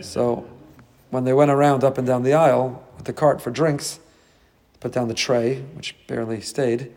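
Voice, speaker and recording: A man's voice: mid-range voice, level tone, normal speed, darkish tone. A man teaching a Torah class as a rabbi, delivering an emphatic sermon full of rhetorical questions. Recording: long hall reverb.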